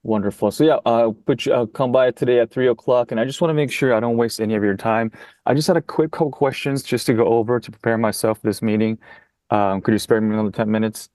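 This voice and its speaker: A man's voice: mid-range voice, fairly even intonation, fast talker, darkish tone, no echo, clean studio sound. A man playing a real estate agent in a practice phone call, polite and careful, following a script. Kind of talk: role-play sales call.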